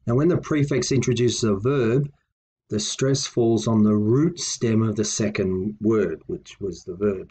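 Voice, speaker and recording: A man gives a patient, explanatory lesson, saying each example word again and again. His voice sits a little low and has a husky edge. He speaks at an unhurried, very slow pace. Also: steady tone, mellow. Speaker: language teacher.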